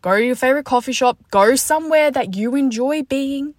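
A woman's voice: high voice, fairly quick, no room sound, studio quality. A woman hosting a podcast, chatty, upbeat and candid in a casual motivational talk, recorded in a parked car. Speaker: podcast host. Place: parked car after the gym.

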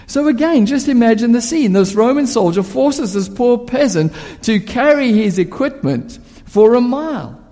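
High, lively preacher man in an echoing hall. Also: normal speed, hardly any pauses. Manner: storytelling, vivid, rhetorical questions. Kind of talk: sermon. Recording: long hall reverb.

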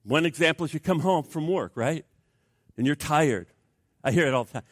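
A man preaching a sermon as pastor, animated, acting out inner voices for his congregation. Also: fairly high pitch, moderate pace, no echo, clean studio sound. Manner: animated, acts out voices of flesh and Spirit.

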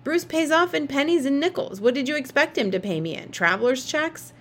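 A woman reading aloud puts on a bossy older-sister girl from a storybook, her voice lifted high. She scolds and corrects in an exasperated way. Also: lively intonation, brisk.

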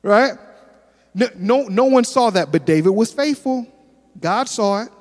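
A male pastor preaching a sermon, telling animated stories and acting out the dialogue. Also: sits high, a little slow. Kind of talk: sermon with storytelling. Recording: long reverb of a large hall.

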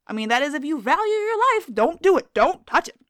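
High-voiced woman doing a jokey animal lesson, swoops all over, swears a lot, dry close sound. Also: very animated, brisk, no echo. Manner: theatrical, profane, spells words out loud. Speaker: science video host. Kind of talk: scripted comedic wildlife narration.

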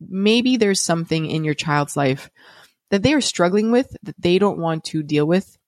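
Woman, podcast host, personal storytelling, conversational, candid, lowish pitch, dry sound. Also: lively intonation, moderate pace, no echo. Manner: candid and conversational, with frequent restarts and light laughs.

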